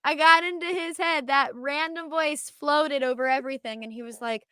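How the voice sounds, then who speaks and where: A young woman from Minnesota, a podcast guest telling lively anecdotes with laughs. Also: sits high, normal speed, no room sound. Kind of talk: casual storytelling.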